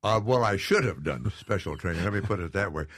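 A man's voice: low-pitched, animated, a little fast, a bit bright, husky, no echo, studio quality. An older man chatting as an interview guest, self-deprecating and laughing often. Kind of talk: casual interview chat.

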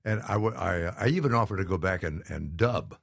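Older male guest, low voice, self-mocking, chuckles a lot, dry studio sound. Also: expressive, a little fast, vocal fry, no echo. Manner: self-deprecating, laughs often. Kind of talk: casual interview chat.

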